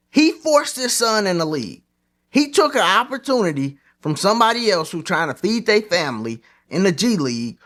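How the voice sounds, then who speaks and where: A man hosting his own sports commentary channel, giving his opinions in animated, slangy, casual talk. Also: high-pitched.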